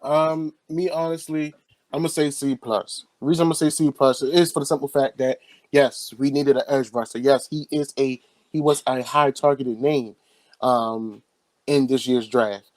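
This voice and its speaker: A man's voice: mid-range voice, steady tone, normal speed, darkish tone, no room sound, rough recording. A man co-hosting a sports podcast, talking emphatically and confidently, repeating phrases in casual slang. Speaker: podcast co-host.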